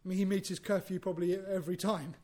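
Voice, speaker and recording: A man preaching a sermon, lively and conversational, acting out bits of dialogue and repeating words as he goes. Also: sits high, fast. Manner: animated, acts out biblical dialogue, repeats himself.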